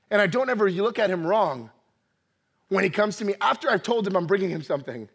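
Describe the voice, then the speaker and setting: Man, 30s, high-pitched pastor, animated sermon delivery, mimics voices and laughs. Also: brisk. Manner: animated, acts out quoted voices, laughs often. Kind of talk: energetic sermon.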